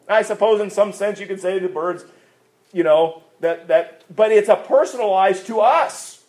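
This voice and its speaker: A male pastor preaching a sermon, asking rhetorical questions and swinging between loud, stressed lines and quiet asides. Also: high-pitched, lively intonation, normal speed.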